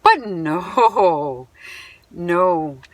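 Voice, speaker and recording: A woman's voice: lowish voice, expressive, very slow, no echo. Indignant woman venting, dry close sound. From Canada. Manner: indignant, emphatic retelling with sighs; reads items off a bill. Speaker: vlogger. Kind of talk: upset personal account to camera.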